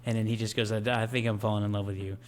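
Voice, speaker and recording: A man co-hosting a podcast in casual movie chat, animated and telling movie scenes in quick bursts. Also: fairly low pitch. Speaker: podcast co-host.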